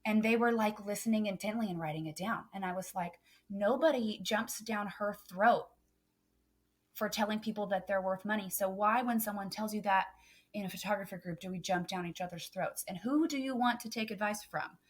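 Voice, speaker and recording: A woman's voice: mid-range voice, a little fast. A woman photographer on a podcast, talking earnestly and emphatically with many "um" fillers. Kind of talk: casual podcast chat.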